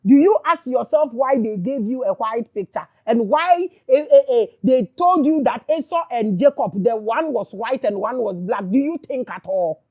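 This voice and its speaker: Impassioned high-voiced Ghanaian woman preacher. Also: expressive, normal speed, few pauses. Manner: emphatic, switches between English and Twi, rises to shouting. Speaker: spiritual teacher.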